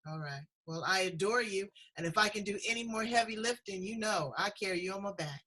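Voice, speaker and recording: A woman's voice: mid-range voice, brisk, pushed and bright, slight background noise, rough recording. A woman hosting a casual chat show over a video call, effusive and encouraging, speaking with strong emotion. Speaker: host.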